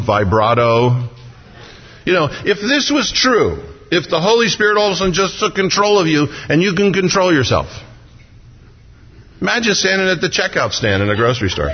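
A man's voice: a little high, a little hiss or hum. Humorous male pastor in a reverberant hall. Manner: conversational and humorous, acts out voices. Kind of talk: sermon. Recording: dull, lo-fi hall recording with long reverb.

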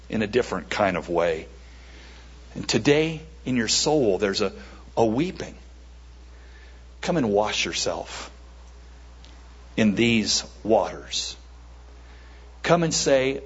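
A man preaching a sermon in a church service and giving an altar call, speaking emphatically with dramatic pauses and repeated words. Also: medium pitch, a bit bright, husky, lo-fi sound.

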